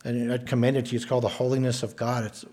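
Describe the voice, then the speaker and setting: A man preaching a sermon, stressing points by repeating words, with a measured, emphatic delivery. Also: mid-range voice, level tone, mellow. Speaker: pastor.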